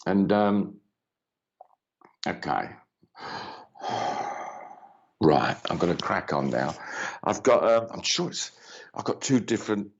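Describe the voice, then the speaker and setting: A man's voice: low voice, animated, takes it slowly, gravelly, long pauses. A man hosting a live mediumship reading stream, chatting loosely and greeting viewers by name between rambling, filler-filled remarks. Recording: dull lo-fi stream audio.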